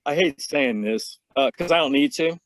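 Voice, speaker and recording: A man's voice: a little high, animated, normal speed. A middle-aged man talking frankly and casually as a podcast guest, laughing at himself and swearing now and then. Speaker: podcast guest, martial artist.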